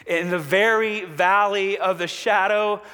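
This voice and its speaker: A man preaching a sermon as a pastor, measured and slow with long pauses, falling to a hushed voice for quoted promises. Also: high-pitched, fairly even intonation. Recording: long hall reverb.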